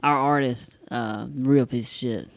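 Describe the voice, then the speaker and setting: A man co-hosting a casual podcast, chatting with a friend and reading song lyrics aloud slowly with fillers. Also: mid-range voice, steady tone, no room sound. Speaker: podcast co-host.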